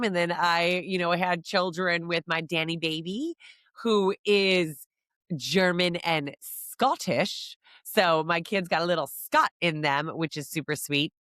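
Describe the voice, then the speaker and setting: A woman's voice: on the low side, no room sound. Chatty, giggly woman in a dry room. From American Midwest. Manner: chatty, giggly, rambling with lively quoted asides. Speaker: podcast host. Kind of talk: casual chat.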